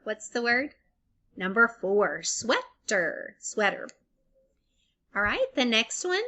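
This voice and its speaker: A young adult woman teacher giving a recorded phonics lesson to young children, breaking words into sounds and syllables clearly and encouraging them. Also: medium pitch, very animated, takes it slowly, pushed and bright.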